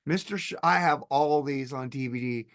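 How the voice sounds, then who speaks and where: A man's voice: mid-range voice, normal speed. A man on a podcast, casually retelling comedy sketches with lots of swearing and acted-out voices. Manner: animated storyteller, acts out sketch voices, swears freely. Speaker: podcast co-host. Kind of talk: casual chat.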